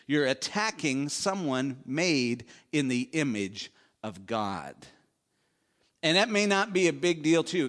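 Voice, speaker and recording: A man's voice: a little high, a bit bright. A middle-aged male pastor preaching a conversational sermon, asking the congregation rhetorical questions and adding asides.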